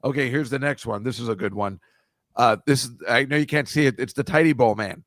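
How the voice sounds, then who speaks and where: A man's voice: mid-range voice, a little fast, dry recording, studio quality. Teasing man hosting a comedy chat. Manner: teasing, quizzing with photo clues. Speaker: podcast host.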